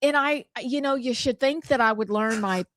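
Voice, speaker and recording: A woman's voice: a little high, fairly bright tone. A woman co-hosting a talk show, with playful, bubbly banter. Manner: bubbly, playful, quick to laugh. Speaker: radio show co-host. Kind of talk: casual morning-show banter.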